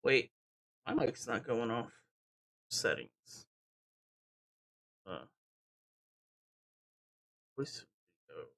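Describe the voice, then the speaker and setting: A man's voice: mid-range voice, sing-song, extremely slow, long pauses, a bit bright. A man chatting casually with a friend while playing a video game, laughing often and rambling. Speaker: gamer streaming with a friend. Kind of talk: casual chat while gaming.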